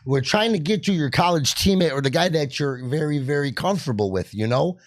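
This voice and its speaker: Male co-host, mid-pitched, very lively pitch swings, joking and sarcastic. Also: a little fast. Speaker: podcast co-host. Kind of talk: casual sports banter.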